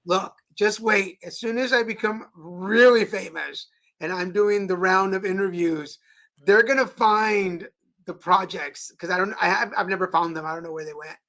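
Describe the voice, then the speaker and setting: Bright, animated host man. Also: high-pitched, normal speed. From Texas. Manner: animated, playful storyteller. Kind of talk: casual live-stream chat.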